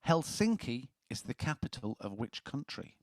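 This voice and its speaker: A man's voice: mid-range voice, sing-song, moderate pace, no room sound, clean studio sound. A man hosting a casual quiz, reading questions and joking between answers. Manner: jokey, chuckling as he reads questions. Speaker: quiz host.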